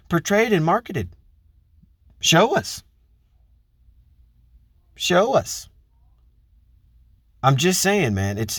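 A man's voice: mid-range voice, dry recording, clean studio sound. A man giving a blunt, profane relationship monologue, lecturing his listeners with pointed rhetorical questions. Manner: talks straight to women listeners, rhetorical questions. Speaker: commentator on relationships. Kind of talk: casual monologue.

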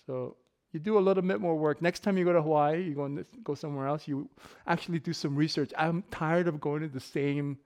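A man's voice: on the high side, steady tone, brisk, hardly any pauses, a little mellow. A middle-aged man giving a casual sermon full of personal stories, joking and laughing often. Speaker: pastor.

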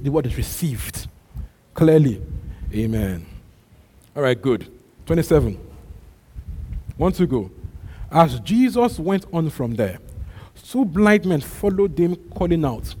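A man's voice: fairly high pitch, warm tone, slightly rough. A male pastor preaching a sermon, emphatic and repetitive, calling out to his congregation. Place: church. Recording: long hall reverb.

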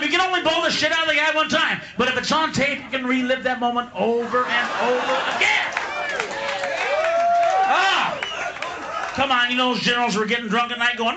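Profane, high-voiced male stand-up comic. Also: steady tone, fairly quick, very noisy. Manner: profane, mocking, laughing mid-line. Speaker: stand-up comedian. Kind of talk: stand-up comedy routine. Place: live comedy venue. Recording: echoey live room with loud crowd.

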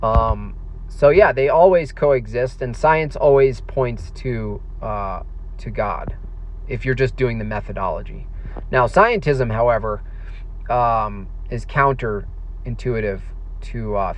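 An American man casually answering viewer questions on a stream, halting with many fillers and restarts. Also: medium pitch. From United States. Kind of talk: casual livestream chat.

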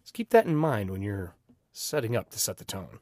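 A man talks through game-running tips in a loose, emphatic way, his pitch jumping up and down as he leans into points. The sound is dry and close, with no room around it. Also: moderate pace, no room sound. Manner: animated, emphatic, swears casually. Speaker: game master giving advice. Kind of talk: casual advice talk.

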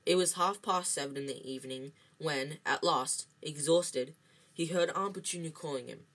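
Amateur storybook reading, trips over words, lots of ums, middle pitch. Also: moderate pace, a bit bright, rough recording. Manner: reads with slips, restarts and ums. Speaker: reader. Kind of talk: amateur read-aloud of a novel.

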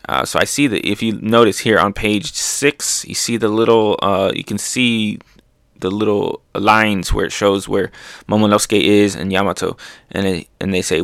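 Animated man reading a comic aloud. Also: lowish voice, moderate pace, vocal fry, no room sound, clean studio sound. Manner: animated, makes sound effects, laughs often. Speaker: manga reaction host. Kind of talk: casual comic read-through commentary.

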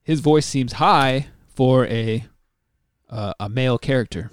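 A man's voice: mid-range voice, measured pace, clean tone, dry recording, clean studio sound. Joking man rambling in casual chat. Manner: joking, rambling, playful asides. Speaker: podcast guest.

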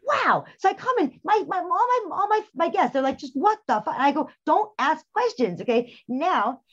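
A quick-talking woman with a fairly high, very lively voice, swooping up and down as she tells frank stories as a podcast host. The sound is a little dull and lo-fi. She laughs often and speeds through her anecdotes. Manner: frank, animated storytelling with laughs. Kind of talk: casual chat.

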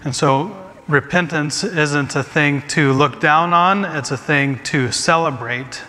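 In a church sanctuary, a pastor speaks slowly in a slightly high, bright, forceful voice, preaching a sermon followed by congregation Q&A. He sounds earnest and often circles back to restart or repeat phrases, with long hall reverb and faint ambience around him.

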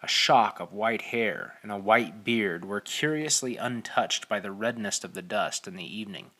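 A male audiobook narrator telling the story in a steady, measured way. His voice sits on the low side but rings bright and forceful. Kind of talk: scripted narration.

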